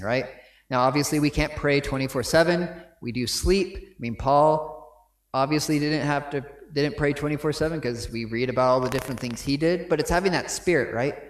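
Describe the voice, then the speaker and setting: A pastor gives a chatty sermon in a church sanctuary, his medium-pitched male voice carrying a roomy sound. He checks in with the congregation often, tossing in "right?" again and again.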